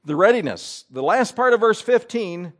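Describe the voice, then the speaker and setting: Man, pastor, sermon, animated preaching, slightly high voice, lively intonation. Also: moderate pace. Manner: animated preaching with rising and falling emphasis.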